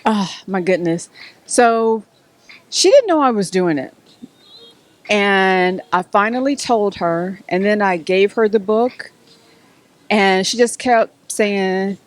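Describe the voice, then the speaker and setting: A woman's voice: medium pitch, animated, slow pace, dry recording. A middle-aged woman, answering interview questions as an author in a storytelling way. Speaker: author and guest.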